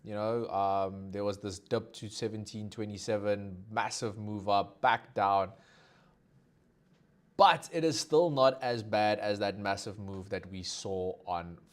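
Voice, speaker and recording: A man's voice: mid-range voice, a little mellow. A South African man hosting a live market analysis stream, talking casually with many fillers and asking viewers to comment. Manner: conversational, lots of fillers, asks viewers for comments.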